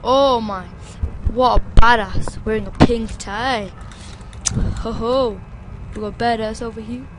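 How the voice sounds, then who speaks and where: A woman narrates her gameplay in a high voice and an unhurried, rambling way. She mocks the characters, laughs often and bursts out without warning. The recording carries clear background noise. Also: steady tone. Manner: rambling, mocking, frequent laughter and sudden outbursts. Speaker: let's play gamer. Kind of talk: gameplay commentary.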